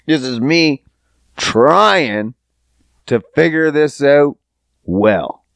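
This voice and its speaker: A man's voice: a little high, lively intonation, drawn-out words, gravelly, a bit bright, no echo. A man hosting a podcast who talks to his listeners in a casual, rambling monologue, swearing freely and joking. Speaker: podcast host.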